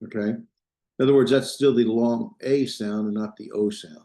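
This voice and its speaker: A man's voice: mid-range voice, steady tone, moderate pace, dark tone, echoey room. A man lecturing a class, talking loosely with frequent restarts and checking in with his students. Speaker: Biblical Hebrew teacher.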